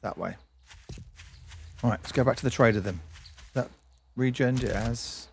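Male game streamer, mid-pitched voice, rambling running commentary, faint noise behind. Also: moderate pace, gravelly. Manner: chatty, talks to himself and to objects in the game. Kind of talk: let's-play commentary.

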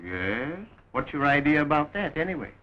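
An actor playing a police captain who gives brief, level replies, from a dull old film soundtrack. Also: male voice, a little high, very animated, moderate pace, pushed and bright. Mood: steady.

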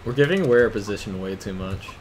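A young man hosting a casual gameplay video, excitable and swearing, with panicky outbursts. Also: lowish voice, fast, background noise. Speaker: gaming video host.

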